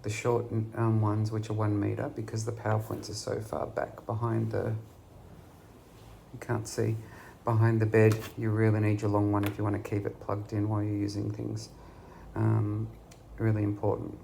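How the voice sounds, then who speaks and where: This Australian man, vlogging from his hospital room after surgery, talks at a normal speed in a monotone, his low voice warm and full of vocal fry. A camera at the bedside captures his rambling, um-filled chat, along with a little hiss or hum.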